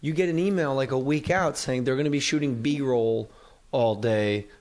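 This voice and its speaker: A man hosting a casual podcast chat, trading quick jokes and comic bits with his guest. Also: medium pitch, darkish tone. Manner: quick joking banter, drops in bits. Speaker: podcast host.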